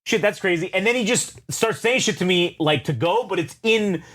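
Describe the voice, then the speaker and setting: A male podcast co-host with a slightly high, very lively voice that swoops up and down as he spins a rambling tale. He swears freely and slips into the voices of the people in his story. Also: normal speed. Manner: animated, swearing, acts out characters in his story. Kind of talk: casual chat, storytelling.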